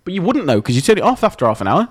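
A man's voice: fairly high pitch, big pitch swings, racing. A man co-hosting a podcast in casual chat, jokey and bantering, slipping into voices now and then. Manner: jokey, banters and slips into impressions. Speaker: podcast co-host.

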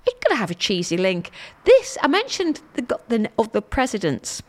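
Woman, middle-aged, solo show host, chatty, rambling, self-mocking, lively sing-song pitch. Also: normal speed. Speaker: podcast host.

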